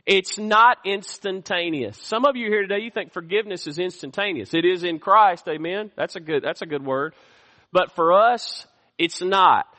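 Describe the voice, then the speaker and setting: Male pastor, high voice, call-and-response sermon, reverb of a church hall. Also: moderate pace, bright, forceful tone. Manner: call-and-response preaching, asks the congregation for amens. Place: church sanctuary.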